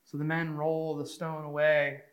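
Man, Bible storyteller, high voice, emotive, conversational, hushed to excited. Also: a little slow, highs cut off. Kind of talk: animated Bible story retelling.

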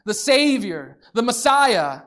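A preacher voicing a calm, authoritative male teacher as an acted quote in a sermon, speaking firmly and confidently. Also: medium pitch, takes it slowly, voice pushed up. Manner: confident, firm.

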